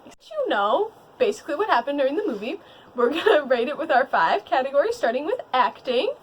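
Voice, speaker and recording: A young woman reviewing a movie in casual chat with a friend, recapping the plot eagerly and trailing off softly. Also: high-pitched, big pitch swings, brisk, a little hiss or hum.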